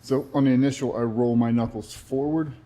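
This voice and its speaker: Quick talking gym bro, jokes around, tosses in swears, mid voice. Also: male voice, medium pitch, steady tone, dark tone. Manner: bro-ish, swearing, joking. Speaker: co-host trainer. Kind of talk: casual banter and exercise tips.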